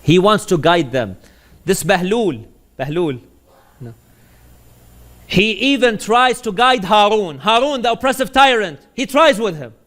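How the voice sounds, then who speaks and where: A man's voice: sits high, fairly bright tone. A man preaching a sermon, telling stories with animation and putting questions to his audience.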